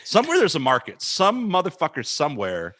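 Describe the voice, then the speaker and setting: A man's voice: fairly high pitch, huge pitch swings, brisk, fairly bright tone, no echo, studio quality. A male podcast host bantering in a crude, joking way with lots of swearing. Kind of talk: casual podcast chat.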